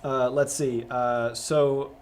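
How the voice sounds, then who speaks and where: A man's voice: medium pitch, takes it slowly. Young guy hosting a youth livestream, rambly, lots of likes and restarts, bit of background hum. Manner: relaxed, rambling, many restarts and "like". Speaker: youth pastor host. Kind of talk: casual live discussion.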